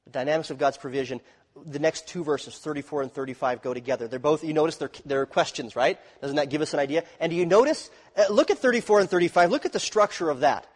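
Pastor, male, high voice, preaching with hushed lows and loud emphatic rises, long church-hall reverb. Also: fast. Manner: swings between hushed low phrases and loud emphatic rises. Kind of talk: sermon.

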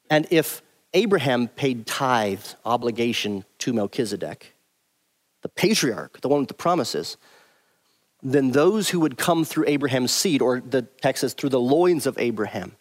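A man with a mid-range voice works through a Bible passage verse by verse, emphatically stressing and repeating his key points.

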